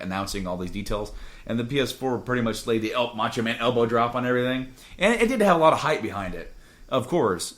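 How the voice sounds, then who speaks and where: A man with a medium-pitched, slightly bright voice hosts a gaming podcast in a studio. He rambles loosely through casual chat while drinking beer.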